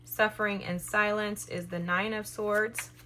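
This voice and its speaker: A woman's voice: medium pitch, steady tone, a little slow, sharp tone, a little hiss or hum. A woman giving a collective tarot reading to her viewers, enthusiastic and encouraging, speaking straight to them. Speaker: tarot reader.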